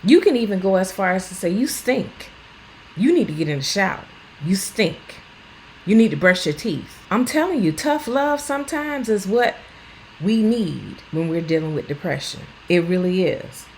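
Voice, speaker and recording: A lifestyle vlogger in her fifties speaks in a lowish voice as she cleans around the house, chatting casually with earnest, plainspoken bluntness. The low-quality recording has a little hiss or hum.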